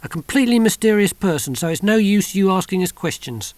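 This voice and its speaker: A man's voice: high voice, expressive, brisk, no room sound, pitched above the performer's own voice. A man reading aloud, voicing a sarcastic, mocking teenage boy. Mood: evasive. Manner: sarcastic, mock-spooky.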